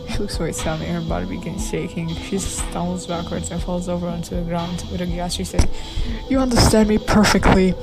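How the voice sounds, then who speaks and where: A woman's voice: fairly low pitch, rough recording. A woman casually playing a game, reading its text aloud and reacting with giggly, playful disgust. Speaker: gamer. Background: game music.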